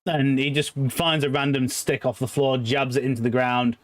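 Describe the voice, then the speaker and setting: A man's voice: medium pitch, moderate pace, no echo. Laid-back man narrating as game master. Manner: relaxed, hesitant with fillers.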